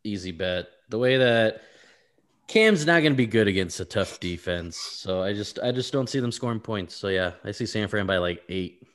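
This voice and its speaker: A low-voiced man chimes in on a casual football chat. He states his takes bluntly and plainly. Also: expressive, moderate pace. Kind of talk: casual sports talk.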